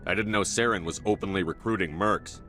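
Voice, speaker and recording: A steady human starship commander in a video game. His voice is low. He asks questions in a calm, measured way. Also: faint music behind.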